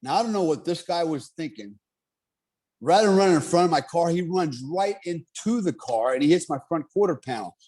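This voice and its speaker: Animated casual male storyteller. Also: a little high, fairly quick. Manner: animated, swearing, laughing often.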